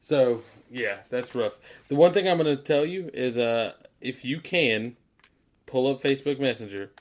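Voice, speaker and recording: A man's voice: medium pitch, normal speed. A man in casual conversation who laughs easily and reacts bluntly. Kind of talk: casual chat.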